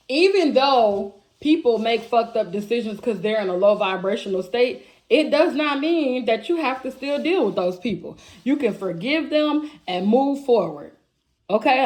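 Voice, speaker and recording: A woman giving a channeled tarot reading, blunt and profane. She talks straight to her viewers as "y'all" with plenty of emphasis. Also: on the high side. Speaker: tarot reader.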